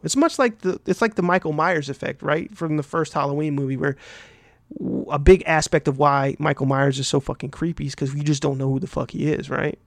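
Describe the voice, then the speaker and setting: A man with a fairly high voice talks through a film plot like a podcast host, rambling and swearing freely. He stacks up fillers and keeps checking in with "right?". The sound is dry and close, with no room around it. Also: gravelly, a little mellow, no echo. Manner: rambling, profane, heavy fillers and "right?" tags. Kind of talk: casual film recap.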